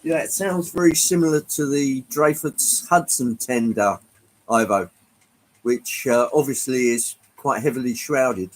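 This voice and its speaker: A British man hosts a casual livestream, chatting with viewers in the live chat in a rambling, hesitant way with frequent ums. His voice is medium-pitched and unhurried, and the recording quality is low.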